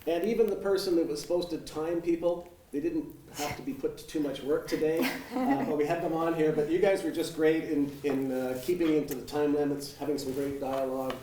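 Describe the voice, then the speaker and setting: A man moderating a televised debate in a studio, relaxed and dotted with filler uh's. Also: fairly high pitch, fairly quick, hardly any pauses. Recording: echoey, distant mic, faint noise.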